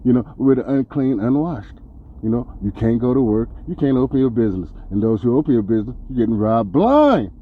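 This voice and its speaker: A man hosting a podcast, delivering a profane, heated and sarcastic rant that swings between loud outbursts and low mutters. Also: sing-song, a little fast, husky, phone-quality sound. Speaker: podcast host. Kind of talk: ranting commentary monologue.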